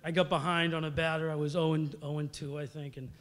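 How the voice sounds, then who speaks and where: Middle-aged man, rambling storyteller at a podium, slightly high voice, big hall echo. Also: level tone, quick pace, a bit bright. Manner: rambling, storytelling, many fillers. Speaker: hall of fame inductee. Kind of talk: acceptance speech. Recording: long reverb of a large hall.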